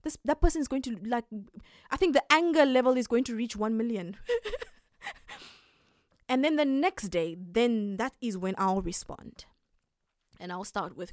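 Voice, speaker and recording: A young woman hosting a podcast, giving calm, emphatic advice and laughing often. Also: a little high, brisk, dry recording, clean studio sound. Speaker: podcast host.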